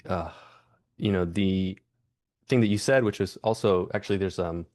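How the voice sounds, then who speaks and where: A man hosting a podcast, reflective and calm, with soft murmured agreements. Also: deep voice, normal speed, no room sound, clean studio sound. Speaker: podcast host. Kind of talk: casual conversation.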